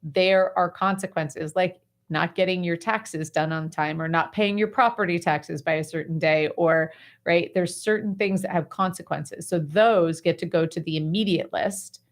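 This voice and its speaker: A woman with a slightly low voice hosts a talk show and coaches a guest. She explains in an animated, conversational way, full of "like" and "right". She sounds casual and encouraging. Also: moderate pace. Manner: animated, chatty explaining with many fillers. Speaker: host and life coach.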